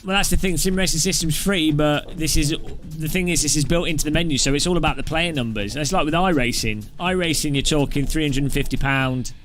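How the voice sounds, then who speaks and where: Man, casual rambling chat, fairly high voice, faint music behind. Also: fairly quick, fairly bright tone. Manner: rambling and joking, with loose restarts. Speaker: gaming channel host.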